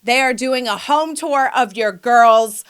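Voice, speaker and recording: A woman in her forties hosting a podcast, telling a comic story in a sassy, animated way and calling listeners "honey". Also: a little high, unhurried, clear, resonant tone. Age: 40s. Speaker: podcast host; mother and choreographer.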